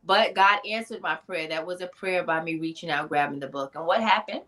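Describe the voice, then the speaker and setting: Animated woman telling her story, lowish bright voice. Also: brisk. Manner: animated, emphatic, conversational with slang asides. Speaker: author and motivational speaker, guest. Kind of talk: personal storytelling in a podcast interview.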